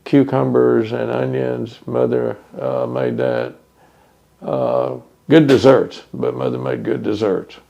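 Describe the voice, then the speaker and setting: Older man, gravelly low rasp, mid pitch, oral history interviewee. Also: expressive, warm tone, highs cut off. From Texas. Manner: reminiscing, unhurried with many fillers.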